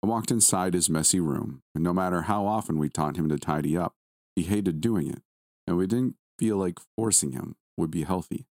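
Male narrator, deep and even, dry close read of a spooky story. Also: no echo. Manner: calm, measured storytelling. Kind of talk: first-person scripted narration.

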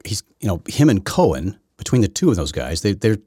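A man's voice: fairly low pitch, sing-song, a little fast, warm tone, breathy edge, no room sound, studio quality. A man hosting his own political talk show, delivering an opinionated, rambling monologue full of restarts. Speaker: podcast host.

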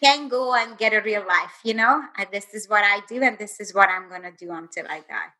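A woman's voice: mid-range voice, a little fast, sharp tone, rough recording. A woman guest and author telling her personal story in an earnest, intense way, speeding up in bursts.

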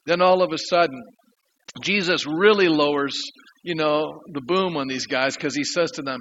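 A man's voice: on the high side, animated, moderate pace, a bit bright, lo-fi sound, a little hiss or hum. A man preaching a sermon as pastor, telling stories earnestly with emphatic rises and drops.

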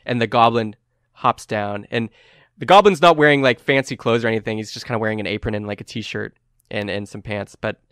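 A man's voice: on the low side, a little fast, a bit bright, clean tone, dry recording, studio quality. A man narrating as game master in a tabletop game, casual and rambling with many fillers.

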